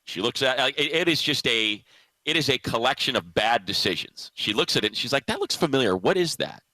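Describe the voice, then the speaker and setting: A man's voice: mid-range voice, expressive, a little fast, pushed and bright, no room sound, low-quality recording. A man hosting a sports radio show, telling a story in casual chat and laughing often. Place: radio studio.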